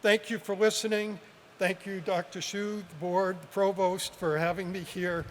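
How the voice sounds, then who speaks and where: A professor in his seventies giving an earnest, measured commencement speech with gentle humor, at a podium microphone at an outdoor ceremony. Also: high-pitched, flat delivery, in a large hall, slight background noise.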